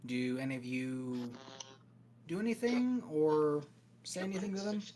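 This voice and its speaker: Running a cyberpunk tabletop game as game master, a man narrates scenes steadily and descriptively, with pauses. His voice is on the high side, and there's background noise.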